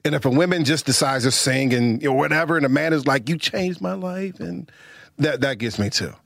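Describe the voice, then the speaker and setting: A middle-aged man co-hosting a podcast in casual chat, playful and quick with asides. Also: mid-range voice, creaky, a bit bright, dry recording, clean studio sound. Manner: playful, jumps into others' lines with quick asides. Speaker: podcast co-host.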